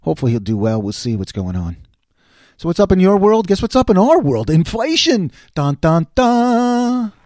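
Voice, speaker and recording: Man in his fifties, talk show host, lively swooping delivery, slightly high voice, dry close sound. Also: no echo. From New York. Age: 50s. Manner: animated, rambling, self-mocking, quick swings from low mutter to loud exclaiming. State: slight voice cracks. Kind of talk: casual solo talk show.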